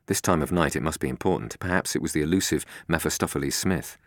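A man's voice: rumbling low, fast talker, dry recording, clean studio sound. A man narrating a storybook, in a tense, suspenseful reading.

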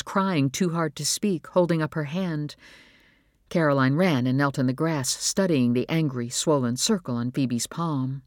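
A measured, expressive audiobook narrator reading literary fiction. The voice sits at a middle pitch and is recorded dry and close, with no room echo. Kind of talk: scripted narration.

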